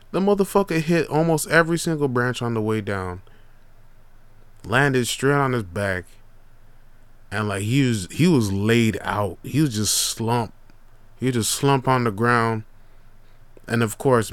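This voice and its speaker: Clear and resonant, this mid-range male voice belongs to a young podcast host with no room sound around him. He spins a casual storytelling monologue, animated and profane, loaded with easygoing slang.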